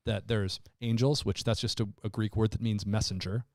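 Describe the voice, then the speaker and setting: A man in a casual Bible discussion, a lively storyteller who acts out the lines he quotes. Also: fairly low pitch, normal speed, no echo, studio quality.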